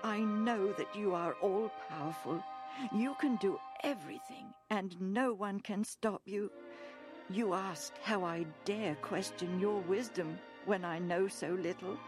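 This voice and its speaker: A woman's voice: medium pitch, a little slow, voice pushed up, natural voice. A woman voicing Job, a humbled old man pleading with God through tears, in a storybook reading with music behind.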